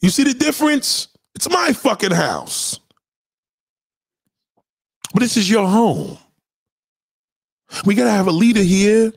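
A man's voice: high-pitched, wildly swooping pitch, slow, creaky, long pauses, slightly rough, dry recording, studio quality. A man hosting a livestream, ranting at his live chat in a profane, combative way, often repeating himself. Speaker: livestream host. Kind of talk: unscripted rant to a live chat.

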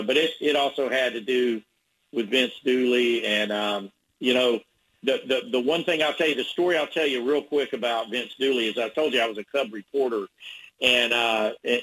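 Husky-voiced male sports reporter. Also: medium pitch, fairly bright tone, rough recording. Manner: rambling storyteller with restarts. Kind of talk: radio interview guest.

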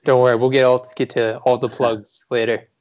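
A male podcast host asking relaxed, rambling questions and hedging as he thinks. His voice sits at an ordinary pitch. The sound is dull and muffled. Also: a little fast. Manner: loose, searching questions with fillers. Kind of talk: casual interview.

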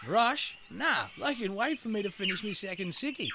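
A man's voice: high voice, animated, moderate pace, voice pushed up. Man voicing a brash Aussie wombat, crude slang, noisy room tone. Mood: breezy. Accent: Australian. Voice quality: swearing, slangy, matey drawl. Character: foul-mouthed laid-back male wombat.

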